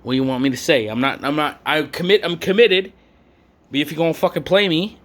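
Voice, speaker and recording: A man's voice: a little high, fairly quick, a bit bright. A young adult man telling a rambling, profane storytime rant full of slang and fillers. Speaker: vlogger.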